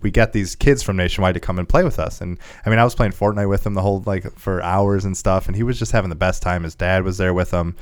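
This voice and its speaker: A man's voice: low voice, fairly even intonation, dry recording, studio quality. A man co-hosting a casual gaming podcast, talking earnestly and repeating himself as he goes. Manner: earnest, quick, repeats words. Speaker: podcast co-host. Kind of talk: casual chat.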